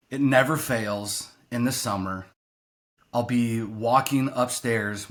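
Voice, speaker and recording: A man who coaches youth sports, a podcast guest in casual chat, telling stories in an animated, exasperated way. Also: fairly low pitch. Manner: animated storytelling, exasperated rants.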